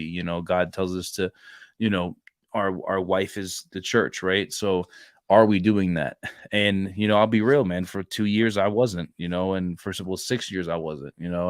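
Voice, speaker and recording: A low-voiced man, recorded in clean studio sound with no room noise, co-hosts a laid-back faith podcast. The Marine reservist tells wandering stories and acts out the lines people said in them.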